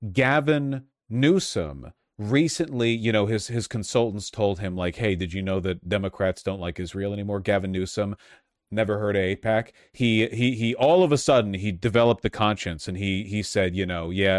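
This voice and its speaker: Male commentator, lowish voice, sarcastic and restless, dry close sound. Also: no room sound. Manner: sarcastic, restless, many restarts. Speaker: political commentator. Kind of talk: casual commentary, reading articles aloud.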